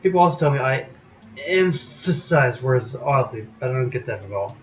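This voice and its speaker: A man's voice: mid-range voice, expressive, faint music behind, lightly acted. A man voicing a creepy cheerful butcher host. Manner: drawn-out, oddly stressed words. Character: creepy grinning male butcher-innkeeper. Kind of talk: reading game dialogue aloud.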